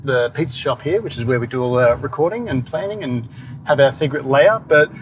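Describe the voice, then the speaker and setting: A man's voice: mid-range voice, expressive, fairly quick, noisy background. A man hosting a casual podcast chat from inside a moving car, upbeat and enthusiastic. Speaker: podcast host.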